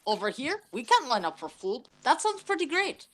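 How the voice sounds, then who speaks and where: A woman's voice: high-pitched, big pitch swings, moderate pace, fairly bright tone, exaggerated voice. A woman putting on a mock impression of an older male politician, folksy and exaggerated.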